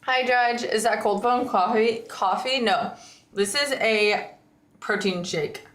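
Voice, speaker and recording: A woman livestreaming from home, chatting casually with viewers in a rambling way, her voice slightly hoarse. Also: fairly high pitch, takes it slowly, fairly bright tone, roomy sound. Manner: rambling, chatty, frequent likes and ums.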